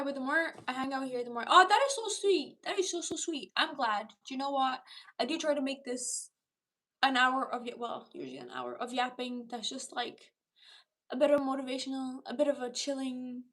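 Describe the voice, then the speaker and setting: High-voiced, chatty young woman. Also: fairly bright tone. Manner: chatty and rambling, with many "like" fillers and frequent laughs. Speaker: livestream host. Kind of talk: casual livestream chat with viewers.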